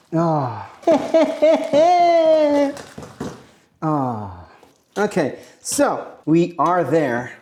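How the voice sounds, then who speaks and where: A man from Italy, cooking on camera in a playful, exclamatory way. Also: a little high. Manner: playful, exclamatory, self-mocking. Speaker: home cook. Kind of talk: cooking demonstration.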